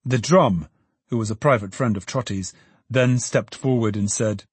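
Husky man narrating an audiobook. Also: fairly low pitch, normal speed, no echo. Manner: expressive storyteller, lively.

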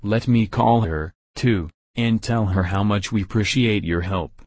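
A man voicing a gruff, menacing sheriff, in an audiobook. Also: lowish voice, unhurried, darkish tone, dry recording. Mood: mocking. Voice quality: gravelly. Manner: snarling, threatening.

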